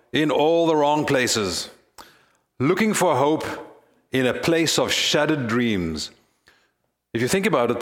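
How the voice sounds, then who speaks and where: A man's voice: fairly high pitch, echoey room. Earnest male pastor preaching. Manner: earnest, storytelling, building to emphasis. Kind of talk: sermon.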